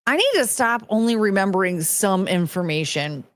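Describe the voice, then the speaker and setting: A woman's voice: mid-range voice, lively intonation, normal speed. A young woman hosting a casual commentary stream, rambling and swearing, slipping into mocking voices when she quotes people. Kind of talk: casual rambling livestream chat.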